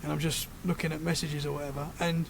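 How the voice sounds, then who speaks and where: British man with a gravelly voice. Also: on the high side, level tone, fast, slight background noise. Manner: rambling, self-correcting storyteller. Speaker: podcast guest. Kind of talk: casual chat.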